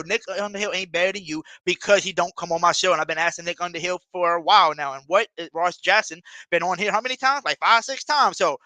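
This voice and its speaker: A man's voice: high voice, a little fast, hardly any pauses, bright, forceful tone, no room sound. A man hosting a live podcast, talking in a hyped, loose and joking way. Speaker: host.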